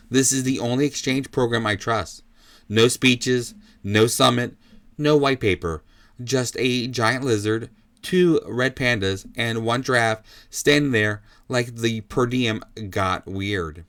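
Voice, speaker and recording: A man hosting a comedy news show, giving a scripted monologue in a deadpan, sarcastic way. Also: mid-range voice, a little slow, no echo, clean studio sound.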